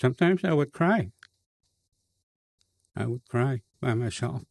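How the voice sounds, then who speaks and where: A man with a Cree accent, a bishop telling a personal story in a slow, halting way with many fillers and restarts. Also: medium pitch, animated, gravelly, darkish tone, husky, no echo. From Canada.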